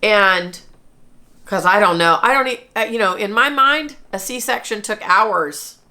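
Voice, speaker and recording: A woman in her forties speaks to camera about her own life, earnest and chatty, often stopping to restart a thought. Her delivery is slow and unhurried. Her voice has a bright, clear edge. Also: mid-range voice. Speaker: vlogger. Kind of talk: personal storytelling to camera.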